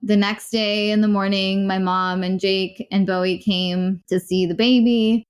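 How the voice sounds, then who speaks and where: A woman frankly recounting a hard personal experience in a podcast interview, rapid and rueful, with short laughs. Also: mid-range voice, level tone, clean tone. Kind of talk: candid personal storytelling.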